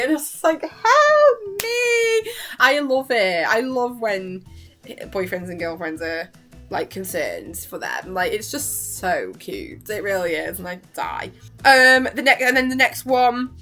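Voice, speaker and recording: A woman's voice: medium pitch, expressive, normal speed, sharp tone, faint music behind. A young woman vlogger chatting casually and rambling, gushing and giggling as she acts out quotes. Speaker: reaction vlogger.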